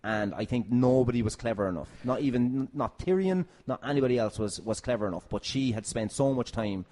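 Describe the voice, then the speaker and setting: A man with an everyday mid-range voice talks loosely and excitedly, dropping curses and acting out the gasps and shouts he lets out while watching. The talk is casual and unscripted, full of restarts. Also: mid-range voice, fairly quick. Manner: animated, swearing, acting out his reactions. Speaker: podcast guest. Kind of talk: casual chat.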